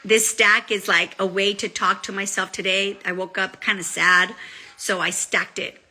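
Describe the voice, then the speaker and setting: Bright-voiced chatty woman vlogger. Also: mid-range voice, moderate pace. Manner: chatty, animated, acts out quotes. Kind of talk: casual chat to camera.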